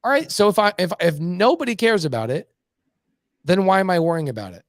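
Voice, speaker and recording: A middle-aged man telling blunt, animated stories as a podcast guest. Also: high voice, a little fast, dry recording, clean studio sound. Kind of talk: casual podcast conversation.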